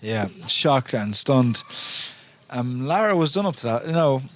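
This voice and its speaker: A man's voice: mid-range voice, animated, unhurried, a bit bright. A man appearing as a guest and former boxing champion, analysing a fight thoughtfully. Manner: thoughtful, with frequent "you know" fillers. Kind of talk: casual analysis.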